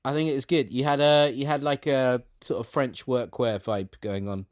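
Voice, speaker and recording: A man's voice: medium pitch, fairly even intonation, moderate pace, no echo, clean studio sound. A man co-hosting a podcast over a remote call, chatting casually and going off on jokey tangents with lots of restarts. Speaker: podcast co-host. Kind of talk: casual chat.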